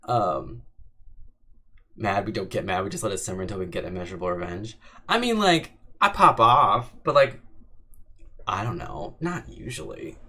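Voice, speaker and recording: Young man, livestream Q&A host, relaxed and rambling, low voice with lively swings. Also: normal speed. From Arizona, US. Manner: laid-back, rambling, lots of "like" fillers. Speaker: audio drama creator hosting a live stream. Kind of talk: casual livestream Q&A, reading chat.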